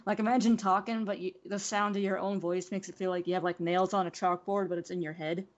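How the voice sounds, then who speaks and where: A man's voice: sits high, level tone, fast talker. A trans man calling into a stream, speaking openly and casually and laughing easily. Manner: open, easygoing, laughs often. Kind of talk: casual chat. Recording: dull lo-fi line.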